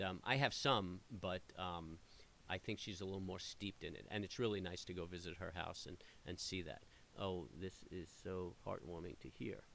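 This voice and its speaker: Low-voiced and bright, this middle-aged trading-stream host talks with a forceful tone over a slight hiss or hum. He rambles casually with his viewers, restarting sentences and leaning on fillers.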